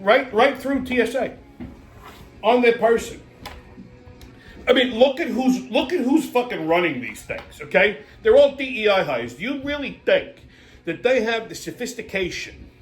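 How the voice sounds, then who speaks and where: Brash, profane New ranter. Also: male voice, high voice. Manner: brash, profane, exasperated ranting. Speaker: host. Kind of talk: comedic rant. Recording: echoey room with faint music.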